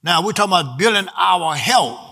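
A man's voice: high voice, lively intonation, a little fast, bright, forceful tone. A man preaching a sermon, in a rhythmic delivery that drifts into half-singing and draws out key words. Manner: rhythmic preaching, sometimes half-sung, stretched words for emphasis.

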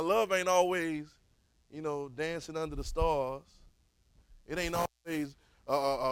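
A man, teaching a Bible class in a preaching style, calling for responses and swinging from soft to loud. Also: a little high, smooth, no room sound, rough recording.

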